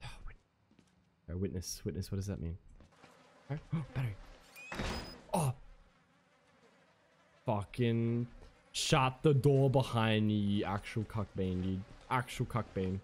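A man's voice: fairly low pitch, normal speed, darkish tone, slight background noise. A man playing a horror game, swearing constantly and breaking into panicked yelps and nervous laughter. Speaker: gamer.

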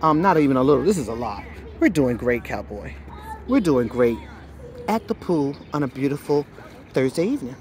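A woman's voice: a bass voice, very animated, normal speed, darkish tone. A woman vlogging outdoors by a pool, talking to her dog in soothing praise and firm short commands. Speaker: dog trainer vlogging a training session. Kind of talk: casual vlog narration and talk to a dog.

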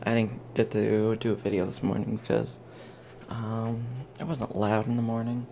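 A man's voice: lowish voice, fairly even intonation, normal speed, creaky, noisy background. A young man vlogging at home into his phone, rambling from topic to topic and talking to himself. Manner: rambling, self-talking, jumps between topics. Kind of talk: casual rambling vlog. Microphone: handheld phone.

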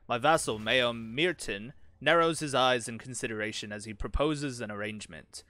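A man casually commenting on a strategy game and reading its event texts aloud, muttering quick reactions as he plays. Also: medium pitch, sharp tone, no echo. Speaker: gaming channel host.

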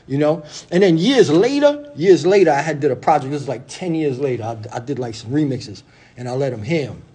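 A man's voice: on the high side, expressive, a little fast, warm tone, husky. A man in his forties with a New York accent, a beatmaker telling stories in a laid-back, slangy way. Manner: laid-back street slang, lots of "you know what I'm saying". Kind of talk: casual storytelling vlog.

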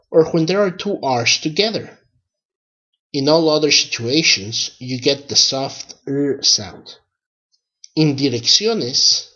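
A man narrating a scripted language lesson, sounding out words slowly and deliberately in pronunciation drills. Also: on the high side, pushed and bright, slightly rough, muffled recording. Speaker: language teacher.

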